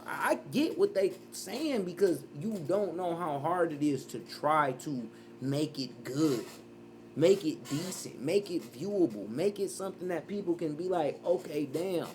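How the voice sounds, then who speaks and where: Guy streamer reacting, swears a lot, hammers the same point, swoopy lively voice. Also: high-pitched, a little hiss or hum. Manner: emphatic, profane, repeats points. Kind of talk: casual reaction commentary.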